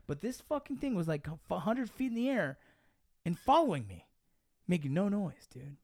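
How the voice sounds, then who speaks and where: Fast-talking profane young man. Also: high voice, no echo, studio quality. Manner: profane, animated, says dude and bro. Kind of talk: casual storytelling chat.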